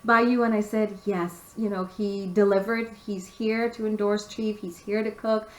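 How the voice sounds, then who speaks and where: A young woman hosting a casual radio show, chatty and upbeat, giving listeners shout-outs. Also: medium pitch, little pitch movement, moderate pace, echoey room, rough recording. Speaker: radio host.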